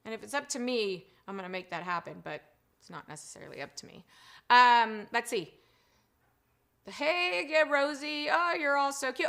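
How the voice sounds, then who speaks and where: A middle-aged woman hosting a live-stream show. She greets viewers in the chat warmly and effusively, chatting with lots of "um" and "you guys". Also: on the high side, normal speed. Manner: effusive and gushing, chatty with frequent 'um' and 'you guys'.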